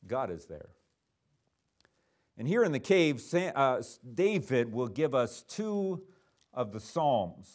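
A man preaching a sermon in a church, earnest and emphatic, with frequent restarts and fillers. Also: mid-range voice.

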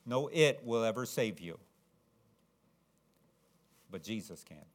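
A man preaches a sermon at a slow pace, swinging between low, earnest tones and loud, dramatic, acted-out shouts. His delivery is animated throughout.

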